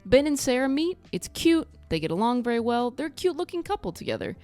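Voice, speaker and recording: A woman's voice: sits high, big pitch swings, fairly quick, warm tone, faint music behind. A woman recapping a reality show in a casual vlog, blunt and sarcastic, swearing freely. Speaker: TV recap vlogger.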